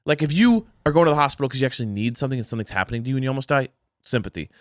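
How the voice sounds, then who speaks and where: A young man with a mid-range voice co-hosts a casual podcast chat. He swings his pitch widely, sounding sarcastic and mock-incredulous as he acts out little scenes. The sound is close and dry. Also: expressive, racing, no echo. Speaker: podcast co-host.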